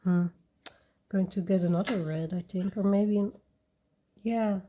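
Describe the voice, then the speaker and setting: A woman hosting a coloring video, chatting casually and rambling softly while she works at her desk. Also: medium pitch, fairly even intonation, unhurried, a little hiss or hum. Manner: soft-spoken, rambling, with little laughs. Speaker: coloring channel host.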